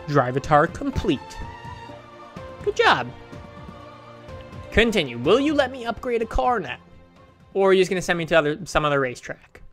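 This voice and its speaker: A man commenting on his racing game play in a chatty, self-mocking way, with sudden excited outbursts. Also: high-pitched, fast, soft background music. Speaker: gaming channel host.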